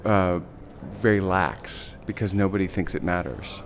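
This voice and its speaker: Low-voiced man hosting a podcast. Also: unhurried. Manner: casual, affirming, lots of backchannel. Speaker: podcast host. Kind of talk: podcast interview.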